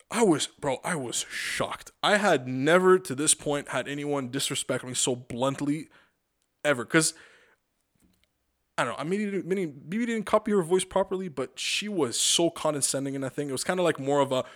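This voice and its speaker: A man casually telling a work story, profane and animated, acting out what people said. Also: medium pitch, brisk. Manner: profane, animated, acts out quotes.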